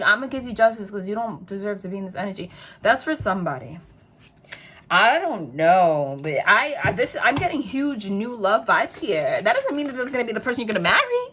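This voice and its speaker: Chatty woman reading tarot. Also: on the high side. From New Jersey. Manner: chatty, rambling, animated storytelling with quoted dialogue. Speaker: tarot reader. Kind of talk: casual tarot reading vlog.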